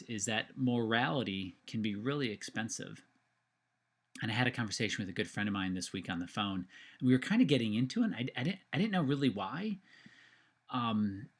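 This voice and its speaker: A man's voice: mid-range voice, a bit bright. Host type, man, casual monologue, earnest, meandering, lots of ums and restarts. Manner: earnest, rambling, many fillers and restarts.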